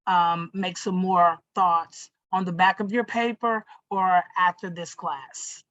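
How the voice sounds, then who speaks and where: A young adult woman teacher giving a gentle lesson to children, encouraging them and often checking in with "right?" and "okay?". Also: fairly low pitch, fairly even intonation, takes it slowly, no echo, dull audio.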